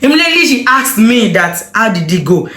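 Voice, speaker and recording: A woman tells her story casually to her viewers. Her delivery is lively and exclamatory, carried by strong feeling. The room around her rings with a noticeable echo. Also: fairly high pitch, a little fast. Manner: animated, emotional retelling with exclamations. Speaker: vlogger.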